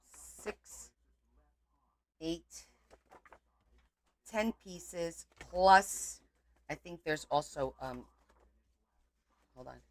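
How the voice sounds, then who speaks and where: A woman hosting a casual crafting video at her home craft table, chatting loosely and breaking into exasperated outbursts. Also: lowish voice. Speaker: crafting channel host.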